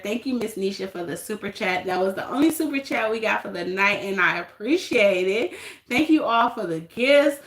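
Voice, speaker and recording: A woman hosting a casual livestream, telling stories with animated acted-out quotes; she coaches youth basketball. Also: mid-range voice, roomy sound. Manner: animated storytelling, acts out quotes. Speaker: livestream host.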